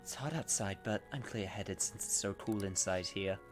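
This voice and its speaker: A man reading a calm, composed young female shogi player's lines from a game, in a quiet, measured voice. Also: on the low side, faint music behind, natural voice.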